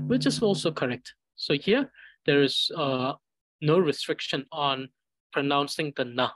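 Male language teacher, unhurried, dry close sound, drills syllables patiently. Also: a little high, animated, fairly bright tone, dry recording, rough recording. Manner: slow, patient, repeats syllables for practice. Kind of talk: pronunciation lesson.

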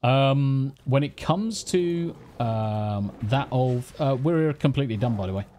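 A man's voice: medium pitch, lively intonation, a little slow, warm tone, slight background noise. A man streaming a game, chatting casually, swearing and teasing while thanking viewers. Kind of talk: casual live-stream chat. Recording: faint music behind.

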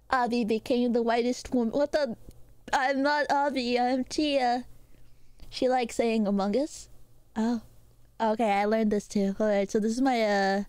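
A playful woman live-streaming as she draws, her voice sitting fairly high. She rambles to her chat with plenty of filler pauses. The sound is close and dry, with no room echo. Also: steady tone, a little mellow, clean tone. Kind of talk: casual live-stream chat while drawing.

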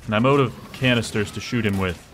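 A young man streaming a game, chatting casually with jokes and sudden excited exclamations as he plays. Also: on the low side, fast talker, a little hiss or hum. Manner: rambling, joking, bursts into excited exclamations. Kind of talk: casual live gameplay commentary.

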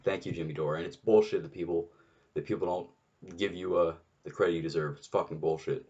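Low-voiced exasperated man ranting. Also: fairly even intonation, a little fast, a little mellow, slightly rough, muffled recording. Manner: exasperated, sarcastic, swears often; many restarts and fillers. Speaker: political commentator. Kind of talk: unscripted solo rant.

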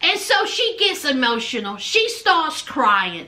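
A woman's voice: sits high, very animated, unhurried, hardly any pauses, bright, forceful tone. A woman recapping a reality show in a casual, sassy, chatty way, retelling scenes and quoting people. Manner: chatty, sassy storytelling with quoted lines.

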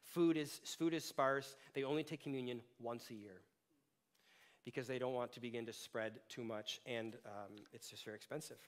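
A man's voice: medium pitch, fairly even intonation, normal speed. A male pastor giving a sermon in a conversational way, with playful asides to the congregation.

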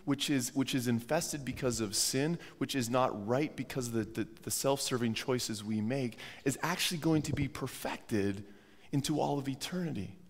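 Medium-pitched and at normal speed, a man preaches as pastor in a church sanctuary despite having a cold. He is earnest, frequently restarting phrases and repeating words, and the recording carries a long church-hall reverb.

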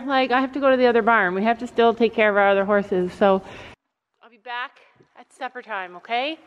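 A middle-aged woman chatting casually in a vlog, mother and horse owner, switching to a high baby voice for her pets. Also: brisk, clean tone, lo-fi sound. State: out of breath.

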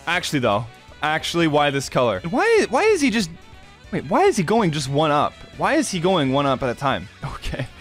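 A man's voice: a little high, wildly swooping pitch, brisk, a bit bright, soft background music. A young man giving casual game commentary, often puzzled and full of questions. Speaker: gaming YouTuber.

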